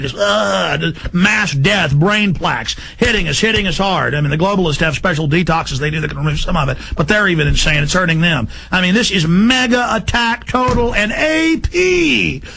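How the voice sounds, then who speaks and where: Agitated gravelly-voiced male radio host. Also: a little high. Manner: agitated, fast, shouting bursts. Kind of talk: heated talk radio rant.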